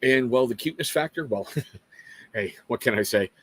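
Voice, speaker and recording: A man's voice: medium pitch, moderate pace, a bit bright, husky, no room sound. A middle-aged man from Washington State hosting a casual live talk show, speaking earnestly to viewers with rambling, self-mocking asides. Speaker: livestream host.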